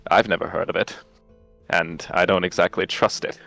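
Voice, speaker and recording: A man voicing a small, distrustful male crossbowman in a tabletop role-play, speaking low and guarded. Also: steady tone, moderate pace, creaky, fairly bright tone, no echo, soft background music.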